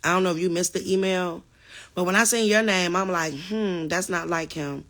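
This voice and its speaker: Reading comments during a casual livestream Q&A, a middle-aged woman answers viewer questions in a lowish, bright voice at normal speed. Her manner is forceful, animated and emphatic, and she addresses the audience as "y'all."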